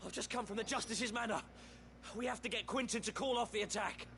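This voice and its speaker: A frantic, foul-mouthed scout. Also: male voice, high-pitched, a little fast, background noise. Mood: urgent. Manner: urgent, swearing constantly. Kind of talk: video game cutscene dialogue.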